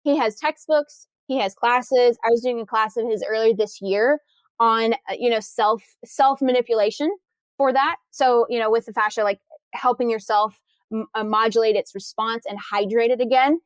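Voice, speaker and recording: Animated woman with a high voice. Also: moderate pace, dry recording. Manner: enthusiastic, animated storytelling with many restarts. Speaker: guest, corrective exercise trainer. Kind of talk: casual podcast interview.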